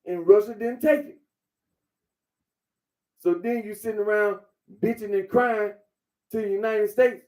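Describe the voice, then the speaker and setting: A man's voice: high voice, a little mellow. A man giving a blunt, repetitive monologue, lecturing the listener directly. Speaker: commentator. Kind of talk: casual monologue.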